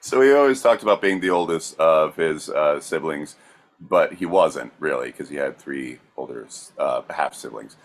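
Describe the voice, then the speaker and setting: Low-voiced male podcast co-host, plain and casual storyteller. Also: animated, moderate pace. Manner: plain, with frequent fillers.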